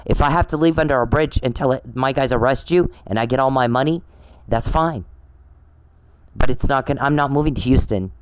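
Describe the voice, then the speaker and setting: A man's voice: mid-range voice, a little fast, clean tone, no room sound, low-quality recording. Profane, ranting man, dry sound. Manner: repetitive, with restarts. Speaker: podcast host. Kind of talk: angry podcast monologue.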